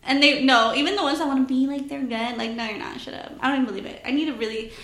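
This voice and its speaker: A young woman telling stories in casual chat, animated, swearing heavily and laughing often. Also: high voice, racing, reverberant. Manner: animated storyteller, heavy swearing, laughs a lot.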